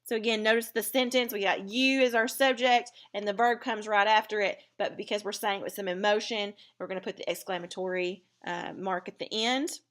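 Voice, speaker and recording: A woman teaching a recorded writing lesson, explaining clearly and deliberately with occasional fillers. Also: medium pitch, steady tone.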